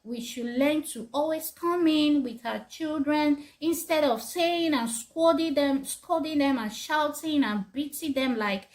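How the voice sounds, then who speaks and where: A woman's voice: high voice, animated, measured pace, darkish tone. Earnest mother giving parenting advice. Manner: earnest, repeats herself, laughs often. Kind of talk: casual advice talk to parents.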